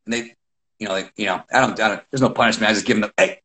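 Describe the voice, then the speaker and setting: A middle-aged man, a wrestling coach, chatting casually and acting out his own calls and shouts as he tells stories. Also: fairly low pitch, racing. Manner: animated storyteller, acts out his own shouts. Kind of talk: casual podcast chat.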